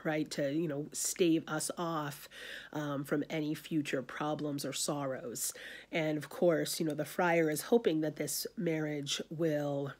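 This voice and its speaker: A woman's voice: low voice, fairly even intonation, a little slow. A woman teacher explaining the scenes of a play in a conversational lesson, full of "you know" fillers.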